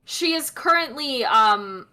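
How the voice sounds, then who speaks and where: A young woman running a tabletop game as game master, chatty and narrating with many pauses and restarts. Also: high voice, animated, crowd noise. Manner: chatty, lots of fillers and restarts while narrating.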